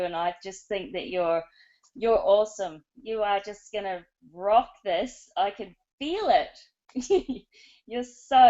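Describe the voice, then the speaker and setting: A woman's voice: a little high, dark tone. An Australian woman hosting a motivational group talk, enthusiastic and encouraging, laughing often. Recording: dull lo-fi sound.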